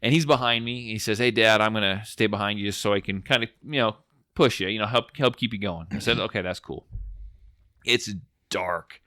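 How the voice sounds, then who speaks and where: Low-ish guy rambling through a story on a podcast, dry close mic. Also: fairly quick, no echo. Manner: rambling, animated, restarts often. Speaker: podcast host. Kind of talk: casual storytelling.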